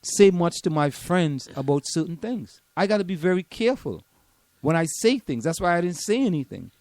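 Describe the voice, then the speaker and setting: A man with a Trinidadian accent, talking casually as co-host. He stumbles over his words, repeating them as he defends himself. His voice sits a bit high, recorded close and dry. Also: big pitch swings, normal speed, darkish tone, dry recording. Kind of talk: casual chat.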